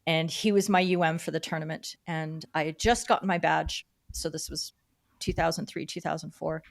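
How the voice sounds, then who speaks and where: A middle-aged woman from Canada, a guest on a podcast, telling stories about her career in a lively, casual way and acting out the voices of the people in them. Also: sits low, moderate pace, vocal fry. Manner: animated storyteller who acts out quoted dialogue. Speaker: podcast guest, field hockey umpire. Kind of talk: casual interview storytelling.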